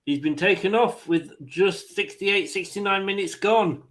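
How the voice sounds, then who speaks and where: High-voiced excitable man calling a match. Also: measured pace. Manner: excitable, laughs easily. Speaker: watchalong host. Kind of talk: casual live match commentary.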